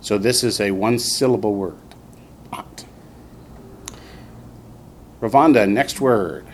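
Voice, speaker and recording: A man's voice: fairly low pitch, slow, slight background noise. A man teaching a classroom language lesson, patiently repeating his students' answers before explaining.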